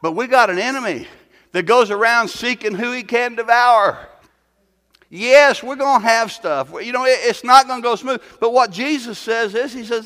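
A man with a high voice delivers a folksy sermon, firing off rhetorical questions and stumbling over repeated words. His voice rings with the long reverb of a large hall. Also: moderate pace, sharp tone. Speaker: pastor.

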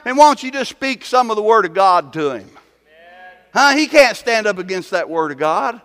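A man's voice: sits high, sing-song, normal speed, a bit bright, big-room sound. A man preaching a sermon as pastor, talking in a folksy way, with rhetorical questions and stumbling repeats.

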